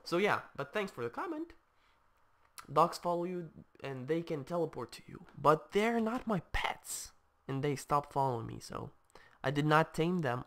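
A man giving casual let's-play commentary, reacting aloud to the game in a chatty, excitable way while attempting a put-on English accent. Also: fairly high pitch, creaky. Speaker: gameplay commentator.

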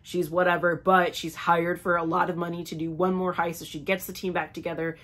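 A man's voice: sits high, flat delivery, fairly quick, fairly bright tone. Male book vlogger, casual haul chat; gushing, chatty delivery with playful dramatic asides. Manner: gushing, chatty, lots of "like" and "stunning".

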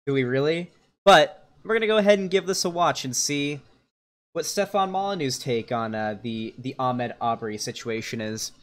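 A young adult man streaming live, giving casual, rambling reaction commentary full of fillers and restarts. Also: medium pitch.

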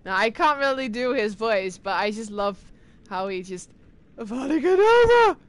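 A woman streamer chatting casually with her live viewers, excitable and talkative as she answers chat. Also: medium pitch, moderate pace, clear, resonant tone. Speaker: game streamer.

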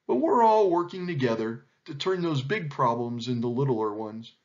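A man, a teacher, reads a storybook aloud and then gently explains its lesson, asking children questions. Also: mid-range voice, dull audio.

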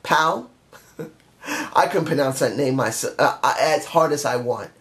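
A man's voice: medium pitch, unhurried, a bit bright. A man reviewing a wrestling show in a casual spoken style, blunt and exasperated, firing off repeated questions.

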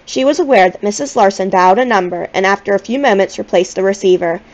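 A woman reading a children's novel aloud in a gentle, expressive storytelling manner. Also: mid-range voice, quick pace, muffled recording. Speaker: audiobook reader.

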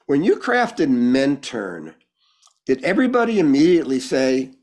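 Animated male guest telling stories. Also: mid-range voice, normal speed. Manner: animated storyteller, jokes and asides. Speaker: guest speaker. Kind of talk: conversational interview.

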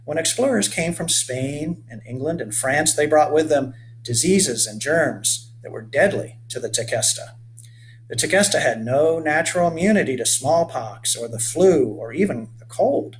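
A man's voice: fairly high pitch, lively intonation, moderate pace, slight background noise, close to an everyday voice. A man voicing a friendly boat captain who explains local history. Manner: explaining, storytelling.

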